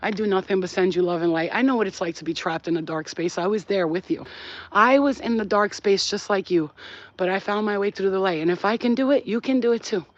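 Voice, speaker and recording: In a brisk, medium-pitched voice, a woman who vlogs as a spiritual healer speaks straight to spirits through her phone, casual yet earnest, stressing her blessings again and again. The recording's highs are cut off.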